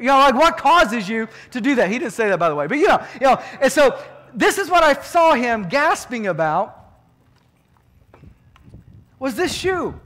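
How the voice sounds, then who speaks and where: A man's voice: high voice, fairly bright tone, long reverb tail. A man preaching a sermon as a pastor, telling stories in a loose, conversational way with frequent asides to the congregation. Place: church sanctuary.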